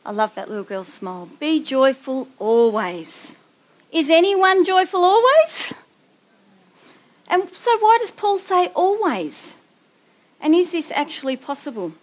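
A woman preaching a sermon, telling a family story with animated voices before reading scripture. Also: extremely high pitch, unhurried. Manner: animated storytelling, acting out a child's voice.

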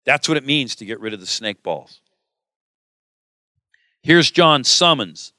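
A man's voice: mid-range voice, expressive, measured pace, pauses often, pushed and bright, dry recording, clean studio sound. A middle-aged man preaching a sermon, emphatic and full of rhetorical questions.

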